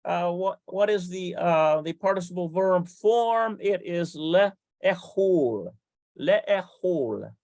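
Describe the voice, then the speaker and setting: A slow, deliberate teacher walks through a Hebrew grammar lesson, spelling out each letter and vowel one at a time. The voice sits at a middle pitch, pauses for frequent fillers and corrects itself as it thinks aloud. The sound is close and dry, with no room echo. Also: steady tone, darkish tone.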